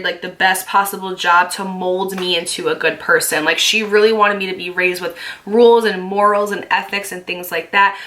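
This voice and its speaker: A woman's voice: medium pitch, sharp tone. A young woman vlogger telling a personal story in a chatty, emphatic way, full of filler likes. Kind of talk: casual storytelling.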